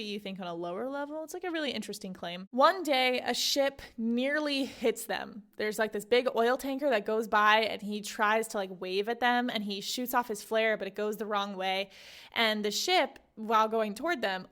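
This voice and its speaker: A young woman with a medium-pitched, fairly bright voice hosts a podcast giving a casual book summary. She retells the novel in a chatty, storytelling way, saying "like" a lot.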